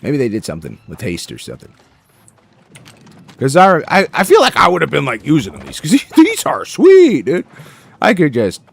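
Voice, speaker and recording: A man giving casual, excitable commentary while playing a game, joking and talking to himself and the game. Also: medium pitch, breathy edge. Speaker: gameplay streamer.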